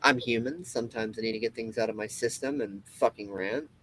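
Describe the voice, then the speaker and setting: This comedy web show host speaks a little fast in a lowish, fairly bright voice, giving his viewers an impassioned, profane solo rant to camera. He leans on emphatic repetition and restarts often. It's a low-quality recording.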